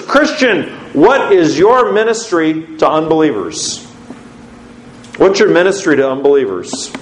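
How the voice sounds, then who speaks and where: A man preaching a sermon as pastor, putting questions to his congregation in an emphatic, lively way. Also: on the high side, slight background noise. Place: church sanctuary. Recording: roomy church echo.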